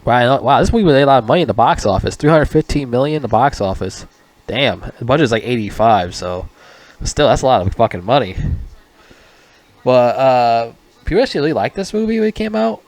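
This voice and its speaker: A man's voice: mid-range voice, expressive, brisk, dry recording. A man giving a casual spoken movie review, rambling, swearing often and stumbling over his words.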